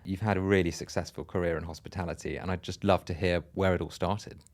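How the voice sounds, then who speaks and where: A man's voice: sits low, steady tone, fast talker, darkish tone. A man co-hosting a podcast interview, introducing his guest with effusive praise. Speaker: podcast co-host.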